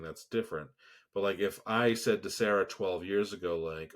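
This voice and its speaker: A man co-hosting a podcast in casual chat, talking haltingly with many restarts. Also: low voice, fairly even intonation. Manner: halting, full of restarts, laughs easily. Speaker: podcast co-host. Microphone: remote call setup.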